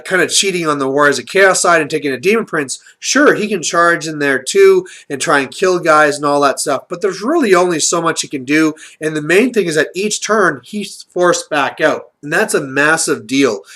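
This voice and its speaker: A man's voice: a little high, bright, forceful tone. A man hosting his channel, giving casual strategy commentary in a chatty way, with lots of fillers. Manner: chatty, filler-heavy, explaining tactics. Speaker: channel host.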